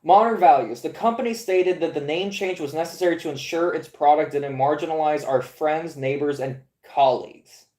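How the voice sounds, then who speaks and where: Speaking in a low, warm voice at a moderate pace with few pauses, this comics podcast host in her twenties chats loosely and reads from a screen. She's incredulous and swears, stumbling over restarts, and the room sounds echoey.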